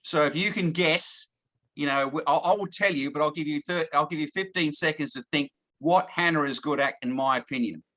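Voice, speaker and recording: Bright-voiced man giving a sales talk. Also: fairly high pitch, fairly quick. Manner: repeats words, checks in with "okay?". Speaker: sales trainer. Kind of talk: training talk to a sales team. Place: lives in Thailand, now in Australia.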